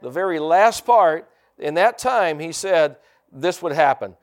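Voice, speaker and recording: An American pastor preaches an animated sermon from the pulpit, his voice a bit higher than most men's. He relies heavily on call-and-response and returns again and again to the same phrases, slowing down sharply to stress key words.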